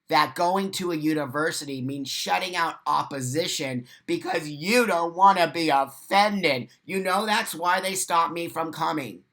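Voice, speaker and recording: An American man with a fairly high, slightly bright voice hosts a live morning chat, speaking unhurriedly with hardly any pauses. He reads viewer comments aloud and answers them with blunt, profane rants.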